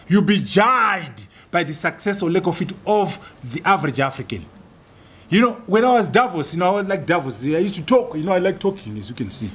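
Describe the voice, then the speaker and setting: A man's voice: sits high, big pitch swings, fairly quick, fairly bright tone, a little hiss or hum. Emphatic man lecturing. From Zimbabwe. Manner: emphatic, rhetorical, builds long lists. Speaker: guest lecturer. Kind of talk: public lecture.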